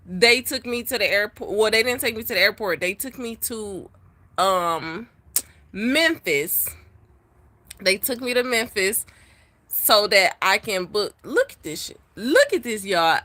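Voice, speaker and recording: Trucker lady vlogging, bright voice, dramatic storyteller, keeps talking right to the camera. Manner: animated, dramatic, talks straight to viewers with bursts of high quoted voices. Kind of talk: casual storytelling to viewers.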